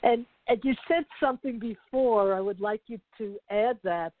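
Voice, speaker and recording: A woman hosting an interview and asking questions in an appreciative, warm way. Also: on the high side, moderate pace, no echo. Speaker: interview host. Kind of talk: casual interview. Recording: dry phone-like line.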